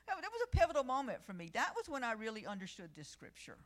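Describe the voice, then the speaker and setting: A woman's voice: high voice, sing-song, fast talker, few pauses. Earnest woman giving a devotional. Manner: earnest and conversational, swelling when reading scripture. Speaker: church speaker. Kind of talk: devotional teaching with personal stories.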